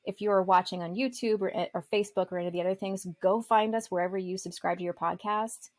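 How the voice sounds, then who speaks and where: A woman's voice: mid-range voice, steady tone, fast, darkish tone, no echo. Upbeat woman podcast co-host. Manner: upbeat, reels off plugs and thanks. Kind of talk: casual chat.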